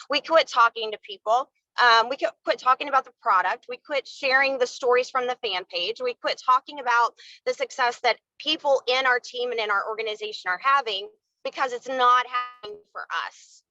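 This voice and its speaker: Woman, sales team leader, motivational live talk, high bright voice, candid and fired-up. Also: no room sound, dull audio. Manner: candid, fired-up, uses y'all. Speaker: network marketing team leader.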